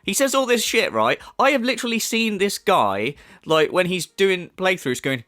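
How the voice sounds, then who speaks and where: Male commentator, sneering profane rant, very animated delivery. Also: high voice, normal speed, few pauses. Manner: scornful, swears heavily, mocking. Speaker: commentary YouTuber.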